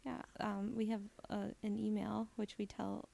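A woman co-hosting a podcast in casual chat, reacting to stories with quick comments. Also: mid-range voice, level tone, creaky, warm tone, dry recording. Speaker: podcast co-host.

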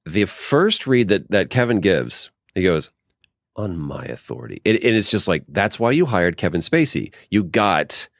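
Deep-voiced man telling lively stories. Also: dry recording, studio quality. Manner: animated anecdotes with frequent restarts. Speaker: interview guest, voice actor. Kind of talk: casual storytelling interview.

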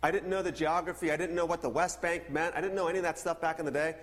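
A man preaching a sermon, telling a personal story in an animated way and acting out the dialogue. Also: a little high, fast, long reverb tail. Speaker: pastor.

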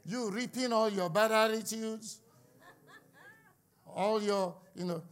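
High-voiced man preaching with fervor. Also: slow pace, clear, resonant tone. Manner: impassioned, building to shouts, with joking asides. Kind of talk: sermon.

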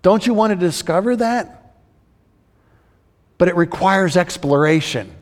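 A man preaching a sermon, slowing down to read scripture aloud and lifting his voice on questions to the congregation. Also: sits high, animated. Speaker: pastor. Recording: long hall reverb.

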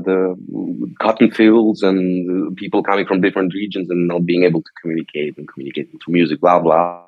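A man's voice: fairly low pitch, no room sound, muffled recording. A man, a guest violinist, speaking thoughtfully and hesitantly in an interview. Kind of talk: conversational interview.

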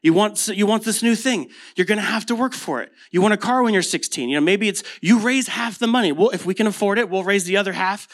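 A high-voiced, slightly bright American pastor in his thirties talks fast with few pauses. He keeps his sermon casual, moving through stories and rhetorical questions.

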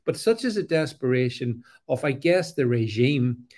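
A man talks straight to his viewers in a loose, unscripted monologue. He stops and restarts often and leans into sarcasm. His voice sits at an ordinary middle pitch. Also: expressive, a little mellow. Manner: halting, many fillers and restarts, sarcastic. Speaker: political commentator. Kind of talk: casual opinion monologue.

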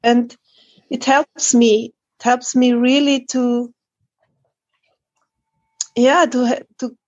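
Woman, slightly high, slow, hesitant share, muffled dry call audio. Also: flat delivery, darkish tone, no room sound. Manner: halting, searching for words. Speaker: meeting member sharing. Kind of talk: recovery meeting share.

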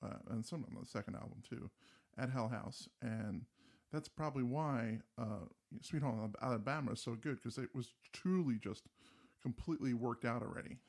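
A man's voice: mid-range voice, moderate pace, vocal fry, a little mellow. A man co-hosting a casual music talk, telling stories animatedly and mimicking riffs and voices. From New Jersey. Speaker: podcast co-host. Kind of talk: casual chat about music.

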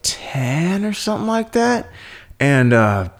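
A young man chatting loosely on a podcast, his voice a touch higher than most men's and swinging widely in pitch. He rambles and swears freely, and he breaks into laughter often. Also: sing-song, slow, vocal fry. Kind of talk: casual chat.

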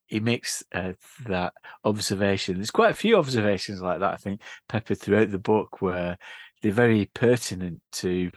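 A man's voice: lowish voice, animated, moderate pace, no echo. A man discussing a book on a podcast, thinking aloud with many fillers and restarts. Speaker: podcast co-host.

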